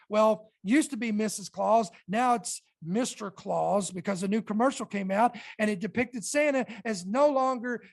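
A woman hosting a Christian podcast, talking earnestly and reading her notes slowly, with emphatic stresses. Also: fairly high pitch. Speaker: podcast host. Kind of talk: Christian podcast commentary, partly read aloud. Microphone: podcast microphone.

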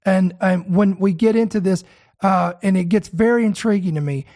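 A man preaching a sermon, reading scripture aloud and breaking in to address his listeners directly, slowing down to stress key words. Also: high voice, mellow. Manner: slows to stress key words, then speeds up.

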